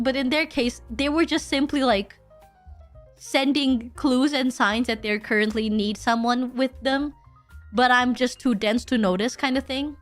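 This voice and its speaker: A young woman streaming, chatting casually and rambling, with lots of restarts and self-deprecating asides. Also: on the high side. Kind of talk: casual livestream chat.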